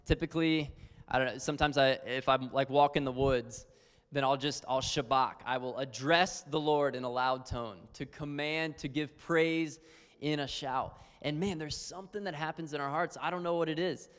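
A man's voice: on the high side, steady tone, normal speed, a bit bright, clean tone. A man teaching on worship in an earnest, conversational sermon style, full of fillers. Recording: long hall reverb.

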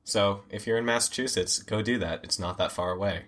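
A man's voice: lowish voice, brisk, fairly bright tone. A man chatting casually on a podcast, laid-back and earnest. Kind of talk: casual chat.

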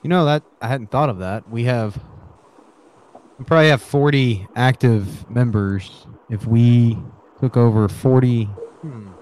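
A man's voice: mid-range voice, a little slow, darkish tone. A man co-hosting a casual chat, adding dry, joking asides. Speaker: podcast co-host.

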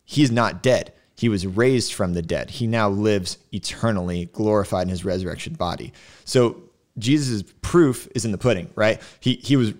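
A man with a fairly low voice leads a casual podcast chat about scripture. His delivery is emphatic, and he keeps asking "right?" as he works through the verses. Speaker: podcast host teaching scripture.

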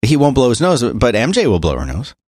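A man co-hosting a podcast in casual chat, talking in a hesitant, halting, self-deprecating way. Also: medium pitch, wildly swooping pitch, darkish tone, no room sound, clean studio sound. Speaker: podcast co-host.

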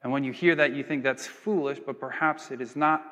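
A man preaching a sermon in a relaxed, conversational way, often slipping into lively quoted voices. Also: fast talker. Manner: conversational, acts out quoted voices with big pitch jumps. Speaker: pastor. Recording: long hall reverb.

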